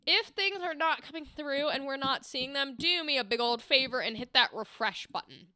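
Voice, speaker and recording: A woman's voice: high-pitched, animated, moderate pace, pushed and bright, no room sound, studio quality. A woman hosting a livestream, chatty and enthusiastic, giving voice acting feedback and acting out example lines. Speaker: livestream host and voice acting coach.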